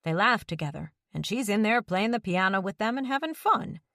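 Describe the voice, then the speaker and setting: A woman voicing a quiet widowed man who speaks calmly and tersely, firm when pushed. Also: mid-range voice, a little fast, no echo, studio quality, voice pushed up. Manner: calm, plain-spoken, terse.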